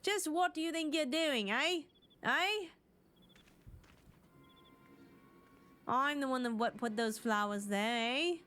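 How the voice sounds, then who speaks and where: A woman voicing a frantic, grieving old mother, wailing and melodramatic with a rough put-on accent. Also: sits high, measured pace, pushed and bright, voice pushed up.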